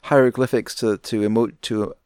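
A man's voice: lowish voice, fairly even intonation, normal speed, darkish tone, smooth, no echo, studio quality. A man co-hosting a movie review podcast, chatting in an easygoing, rambling way and laughing often. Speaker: podcast co-host. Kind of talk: casual movie review chat.

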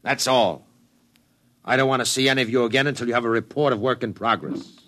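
A ruthless, curt business tycoon, voiced by a man in a 1950s radio play. He snaps out commands in a clipped, bright, forceful voice, pitched in a plain middle range. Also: fast, slight background noise, close to an everyday voice. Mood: commanding. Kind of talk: 1950s radio drama acting.

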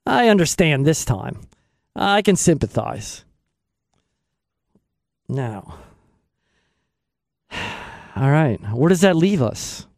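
A man's voice: on the high side, very animated, slow pace, gravelly, pauses often, darkish tone, no echo. A man hosting a radio show from a studio, rambling casually and joking at his own expense. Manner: joking, self-mocking, talks to himself. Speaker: radio host. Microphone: studio microphone.

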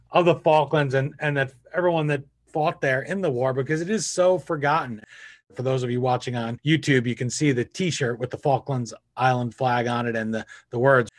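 A man, fairly high-voiced for a man, hosts a show and promotes a guest's work. His delivery is friendly and promotional. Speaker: podcast host. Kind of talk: show announcement and plug.

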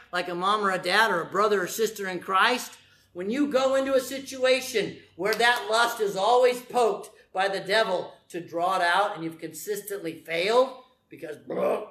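A man preaching a sermon in church, animated and playful, repeating key phrases for emphasis. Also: high-pitched, reverberant.

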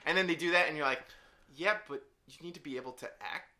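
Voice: mid-range voice, quick pace, pushed and bright. A podcast co-host in casual banter, teasing and swearing freely. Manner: teasing, profane, laughing often.

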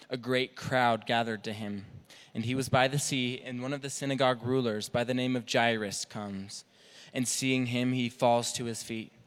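A man giving an even, steady scripture reading. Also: medium pitch, smooth.

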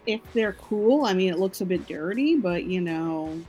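Hesitant woman player, low voice. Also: lively intonation, moderate pace, mellow, soft background music. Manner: hesitant, polite, thinking aloud. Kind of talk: tabletop role-play.

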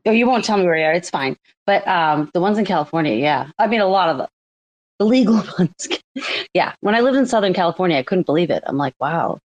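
A woman's voice: on the low side, animated, fast talker, a little mellow, lo-fi sound. A woman co-hosting an online audio chat, talking casually and rambling, laughing often. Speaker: co-host. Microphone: online audio call.

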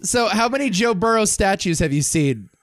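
Male podcast host, lively pitch, teasing, close dry mic. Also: moderate pace, no room sound. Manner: animated, teasing, laughs often. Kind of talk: casual chat.

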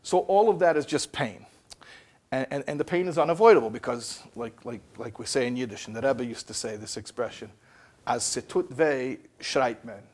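A man giving an animated lecture, telling stories and asking rhetorical questions. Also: mid-range voice, fairly quick. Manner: storytelling with rhetorical questions and acted-out dialogue.

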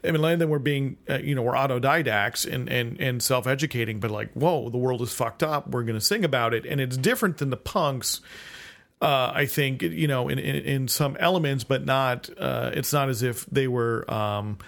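A man's voice: medium pitch, normal speed, creaky, fairly bright tone. A man from the United States, co-hosting a podcast, chatting casually with lots of restarts and laughs. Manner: rambling, many restarts and asides, laughs often. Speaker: podcast co-host. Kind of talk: casual conversation.

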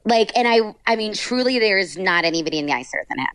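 A bubbly, gushing woman chats about her work as a voice actor. Her voice sits at a middle pitch and is recorded dry and close, with no room sound. She leans on "like" as she talks. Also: lively intonation, a little fast, a bit bright, no room sound. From Texas. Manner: bubbly, gushing, heavy use of "like". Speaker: voice actor guest. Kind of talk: casual interview chat.

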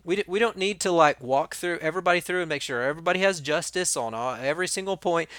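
A man's voice: a little high, quick pace, a bit bright, no echo, clean studio sound. A man talking casually about resolving conflicts, sometimes acting out what kids and he said. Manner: conversational, acts out kids' and his own lines in quotes. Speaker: former school staff member giving advice. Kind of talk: casual advice talk.

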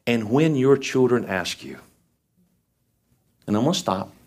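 A man's voice: mid-range voice, expressive, unhurried, a little mellow. A man preaching a sermon, reading scripture aloud and then explaining it with folksy, down-to-earth asides and emphatic repetition. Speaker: lay preacher.

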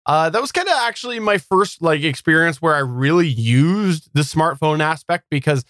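Wry, measured man on a dry mic. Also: on the high side, animated, a bit bright, no echo. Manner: measured, wry analysis with some hesitations. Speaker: tech podcast co-host. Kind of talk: casual podcast chat.

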